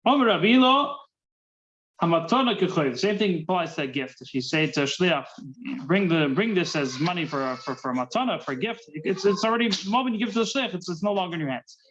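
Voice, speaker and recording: A man's voice: sits high, expressive, fairly quick, fairly bright tone, highs cut off, a little hiss or hum. A man teaching a Talmud class, mixing Hebrew terms into English and often repeating words as he thinks.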